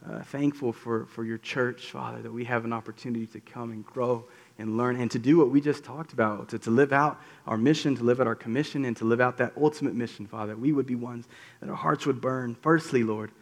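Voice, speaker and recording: A man, a pastor leading a soft, halting closing prayer. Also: medium pitch, steady tone. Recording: long hall reverb.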